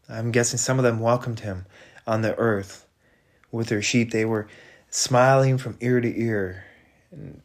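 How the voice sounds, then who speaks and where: A man giving a slow, halting devotional retelling and prayer, reflective, with frequent restarts. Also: mid-range voice. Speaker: preacher.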